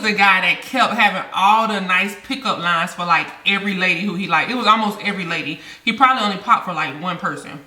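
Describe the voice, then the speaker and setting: A woman hosting a reaction video, chatting casually to her viewers and thinking out loud about what she watches. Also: medium pitch, fast, hardly any pauses, distant mic. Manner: chatty, addresses viewers directly, thinks aloud. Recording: roomy echo.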